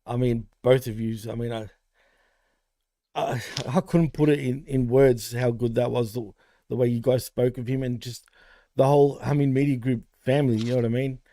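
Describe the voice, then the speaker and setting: Heartfelt rambling man, mellow voice. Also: medium pitch, steady tone, normal speed, no room sound. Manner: heartfelt, rambling, many fillers. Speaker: podcast co-host. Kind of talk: casual podcast tribute.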